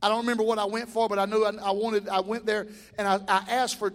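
A man preaching a sermon, folksy and building to shouted peaks. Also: high-pitched, little pitch movement, fast. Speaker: pastor. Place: church sanctuary. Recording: church hall reverb.

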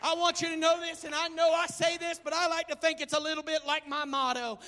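A male pastor preaches in a strikingly high, bright voice. He drops to a hushed tone for Scripture, then builds to shouted exhortation. His voice rings through a church with a long, hanging reverb. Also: flat delivery, a little fast, few pauses, some chatter behind. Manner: swings from quiet reading to shouted preaching. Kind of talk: sermon. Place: church sanctuary.

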